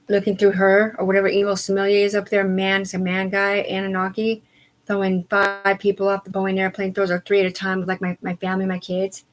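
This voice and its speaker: Woman going off on a livestream, swearing a lot, jumps from topic to topic, loud one sec then mumbling. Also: mid-range voice, poor audio. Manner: agitated and profane, swinging to quiet mumbling; rambling, disjointed speech. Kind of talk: unscripted live stream rant.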